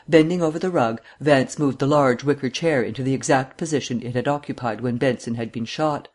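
A man reading a mystery novel aloud as narrator, with a steady, measured delivery. His voice sits at an ordinary middle pitch for a man. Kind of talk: audiobook narration.

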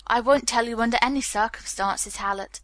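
A woman voicing a calm, stubborn Englishman who answers questions with clipped, guarded refusals. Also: fairly high pitch, brisk, dry recording, lightly acted.

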